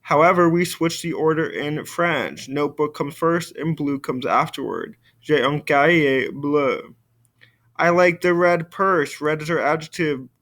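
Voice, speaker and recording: A man teaches French in a recorded video lesson, with a fairly high voice. He speaks slowly and deliberately, sounding out each word for students to repeat. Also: fairly bright tone. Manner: slow, careful model pronunciation for students to repeat.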